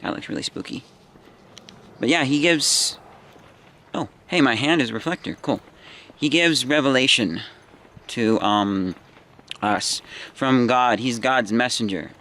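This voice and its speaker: A man in his twenties telling a personal story in a halting, meandering way, tired and full of restarts. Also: medium pitch, a bit bright. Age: 20s. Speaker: vlogger. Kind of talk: rambling personal vlog.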